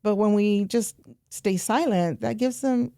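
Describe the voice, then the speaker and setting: A woman guest on a podcast interview, telling animated stories and repeating points for emphasis. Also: mid-range voice, unhurried, vocal fry, no echo, studio quality. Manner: animated storytelling, quoting herself and others. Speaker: guest, nonprofit program director.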